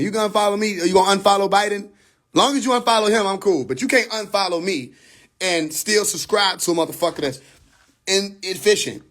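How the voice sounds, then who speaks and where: A man hosting a livestream, ranting casually with heavy profanity and frequent laughter, talking into a phone. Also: sits high. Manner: profane, laughs often, animated. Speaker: livestream host.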